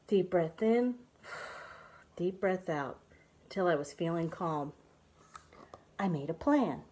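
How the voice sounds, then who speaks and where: A woman minister reads a children's story aloud during worship. Her pitch swings widely as she storytells, rising and dipping to act out the tale. Her delivery is expressive and animated.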